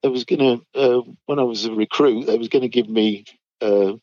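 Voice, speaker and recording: A man's voice: mid-range voice, brisk, darkish tone, no room sound. An older man, casually telling army stories and often chuckling. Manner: chuckles often, acts out quoted voices. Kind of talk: casual storytelling chat. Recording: dull dry recording.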